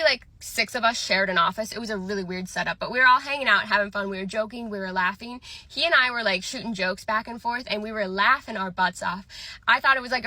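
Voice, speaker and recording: Bright chatty young woman. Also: mid-range voice, no room sound. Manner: chatty, filler-heavy "like". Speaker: storyteller. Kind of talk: casual storytime.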